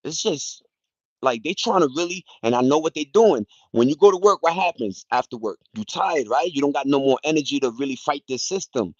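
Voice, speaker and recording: New dude rambling on a livestream, kinda high voice, dull dry phone audio. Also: male voice, expressive, a little fast, breathy edge, no echo. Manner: loose, rambling, street slang, shouting out viewers by name. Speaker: livestreamer greeting viewers. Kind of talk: casual rambling livestream chat. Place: at home in the countryside, partly outdoors.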